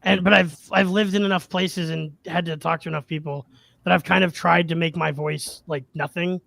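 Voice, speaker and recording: High gravelly guy from arkansas, chatty, laughs a lot while talking. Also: fairly even intonation, normal speed, bright, forceful tone, dry recording. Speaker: comic creator and podcast panelist. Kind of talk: casual chat.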